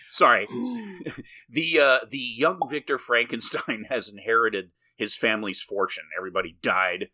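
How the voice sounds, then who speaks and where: A man's voice: mid-range voice, a little slow, pushed and bright. A man co-hosting a podcast, recapping a film in a rambling, jokey way, swearing and laughing often. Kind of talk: casual movie-recap chat.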